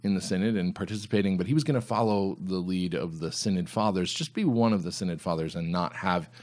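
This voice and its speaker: A man's voice: low voice, fast talker, a little mellow. A man hosting a solo commentary podcast, reading items aloud and answering them with sarcastic, mocking asides. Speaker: podcast host.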